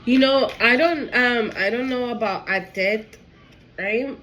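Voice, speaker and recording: A woman's voice: fairly high pitch, measured pace, a bit bright, faint music behind, poor audio. Emotional, cussing woman giving a tarot reading. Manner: emotional, swearing, talks straight to the viewer. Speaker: tarot reader. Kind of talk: casual spiritual card reading.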